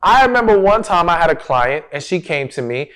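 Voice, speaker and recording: A man's voice: fairly high pitch, sing-song, brisk, fairly bright tone, smooth. A man hosting a relationship advice talk, speaking straight to the viewer with emphatic stress and rhetorical questions. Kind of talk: direct-to-camera advice talk.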